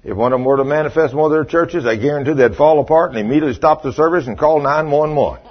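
A man's voice: fairly high pitch, fast. An older man preaching a sermon, telling a folksy story and acting out what people said. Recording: dull lo-fi sermon recording.

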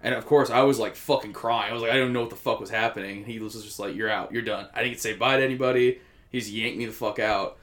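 A man's voice: medium pitch, fairly even intonation, fast talker, fairly bright tone. A young man talking casually on a podcast with a mid-range voice. His stories ramble and swear freely, and he often laughs at himself. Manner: rambling, profane, self-mocking storytelling. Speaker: podcast co-host. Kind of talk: casual chat.

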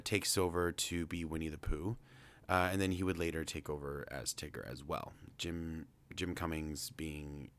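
Guy with a really low voice just rambling thru a movie recap, dry close sound. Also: pushed and bright, no echo. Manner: chatty and rambling, amused. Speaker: film reviewer. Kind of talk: casual film recap.

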